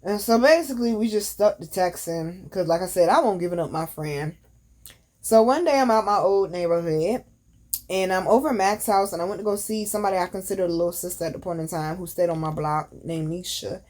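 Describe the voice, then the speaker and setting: A woman's voice: lowish voice, fairly quick, a little mellow. A woman hosting a podcast, telling a personal story casually with candid, profane slang and emphatic asides. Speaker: podcast host.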